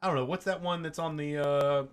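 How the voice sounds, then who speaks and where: A man's voice: on the high side, fairly even intonation, brisk, smooth. A man co-hosting a casual podcast chat, rambling and laid-back, swearing now and then. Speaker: podcast co-host.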